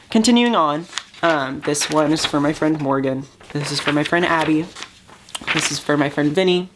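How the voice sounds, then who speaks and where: A man's voice: fairly high pitch, a little hiss or hum. A young man talking casually to his camera as a YouTuber, hesitant and full of fillers, keeping an upbeat tone on purpose. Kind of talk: casual vlog talk.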